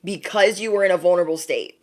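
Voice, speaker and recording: A woman's voice: on the low side, quick pace, darkish tone. A woman giving a spiritual tarot reading to camera, chatty, calling the listener bestie and slipping into exaggerated voices for people she quotes. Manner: chatty, calls the viewer bestie. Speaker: tarot card reader.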